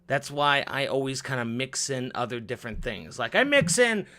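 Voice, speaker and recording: A man's voice: big pitch swings, normal speed. A man talking off the cuff in a vlog, with an upward inflection, swearing freely and repeating words as he goes. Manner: upward inflection, swings from loud rants to low mutters. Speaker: vlogger. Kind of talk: off-the-cuff monologue.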